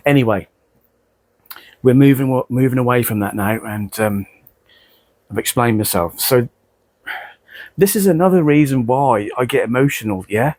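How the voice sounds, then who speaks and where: A man's voice: mid-range voice, moderate pace, darkish tone, dry recording. Middle-aged bloke chatting to camera, earnest, trips over his words a lot, dry close sound. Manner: earnest, repeats himself, stumbles over words. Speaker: model railway vlogger. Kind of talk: emotional casual talk to camera.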